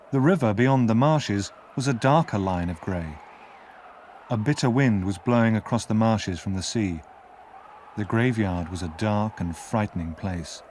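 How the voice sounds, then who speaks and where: A man narrating a classic novel aloud as an audiobook reader, expressive and measured. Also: lowish voice, a little hiss or hum. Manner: expressive storytelling, measured pace. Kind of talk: scripted narration.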